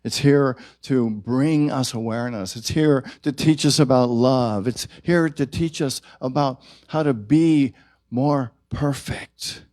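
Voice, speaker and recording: A man's voice: medium pitch, slow pace, darkish tone. A man preaching a sermon at a church service, drawing the congregation in with questions and call-and-response. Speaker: minister.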